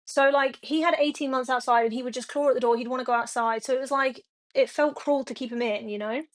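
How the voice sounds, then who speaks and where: A woman's voice: high-pitched, steady tone, fast talker. A young woman streaming from home, chatting frankly and swearing a lot as she rambles to her viewers. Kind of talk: casual chat to a live stream audience.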